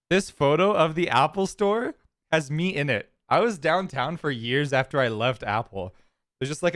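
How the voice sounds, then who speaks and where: A man's voice: mid-range voice, a bit bright, no room sound, clean studio sound. A man from California streaming, telling a story in a casual, rambling, chatty way. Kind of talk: casual chat.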